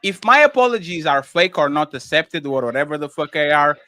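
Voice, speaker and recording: A man's voice: fairly high pitch, big pitch swings, a little fast, sharp tone, no room sound. A man with a thick accent arguing on a streamed panel, insistent and repeating himself. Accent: thick accent, said by others. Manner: insistent, repeats himself, talks over others. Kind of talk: heated panel argument.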